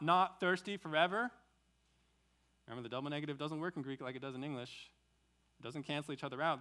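A man's voice: fairly high pitch, a bit bright. A male pastor preaching an expository sermon, asking rhetorical questions and repeating key words for emphasis.

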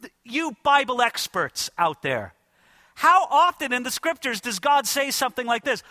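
A man's voice: extremely high pitch, very animated, normal speed, bright, forceful tone, no echo. A man preaching an expository sermon, emphatic and addressing his listeners directly. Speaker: pastor.

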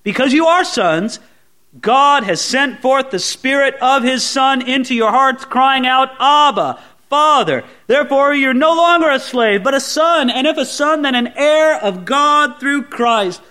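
A man preaching a sermon in an earnest way, rising to loud exclamations and dropping to soft, tender asides. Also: extremely high pitch, a little slow. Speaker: pastor.

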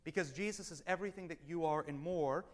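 A man teaching a Bible study class, animated and wry, swinging between loud emphasis and quiet asides. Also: on the high side, fast. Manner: wry, self-deprecating humor.

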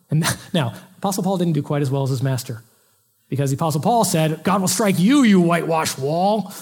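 A high, husky-voiced male pastor preaching. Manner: conversational, animated, acts out quoted lines. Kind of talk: expository sermon. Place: church pulpit.

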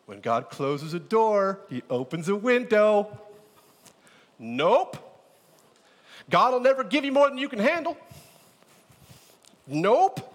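A pastor preaching a sermon in a lively, joking way, firing rhetorical questions at his church. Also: sits high. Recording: echoey hall.

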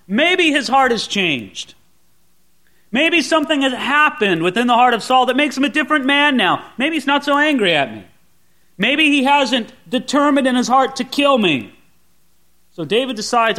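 A man's voice: very high-pitched, sharp tone. A male pastor preaching an expository sermon, retelling a scripture story and dramatically voicing its characters. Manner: dramatic, voices the Bible characters with rising intensity.

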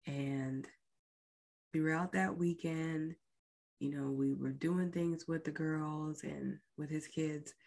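Woman in her thirties, low voice, slow and halting storytelling that drops to near-whispers. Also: steady tone, gravelly, darkish tone. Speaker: podcast host. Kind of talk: personal storytelling.

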